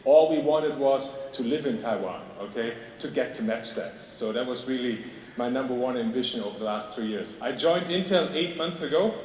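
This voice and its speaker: A man's voice: medium pitch, a little mellow. A man with a German accent giving a conversational keynote at an industry event, often checking in with "okay?". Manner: conversational, tags points with "okay?". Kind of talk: conference keynote speech. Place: large conference hall on stage. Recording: echoey hall, distant mic, faint noise.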